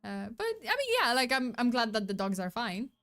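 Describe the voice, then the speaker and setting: A woman's voice: a little high, sing-song, brisk, fairly bright tone. Rambling woman streamer. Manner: rambling, lots of fillers and self-corrections. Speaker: streamer host. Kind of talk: casual commentary on videos.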